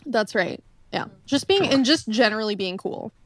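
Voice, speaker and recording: A woman's voice: fairly high pitch, expressive, normal speed. A woman chatting on a role-play podcast, hesitant, with many fillers and restarts. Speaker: tabletop role-play player. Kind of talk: casual podcast chat.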